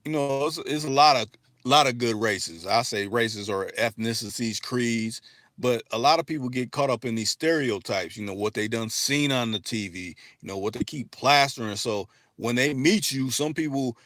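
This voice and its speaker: A man with an African American English accent chats casually to his livestream audience, loose and profane, often restarting his sentences. His voice sits at an ordinary middle pitch. The sound is dry and close, with little room around it. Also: moderate pace, fairly bright tone, no room sound. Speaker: livestream host.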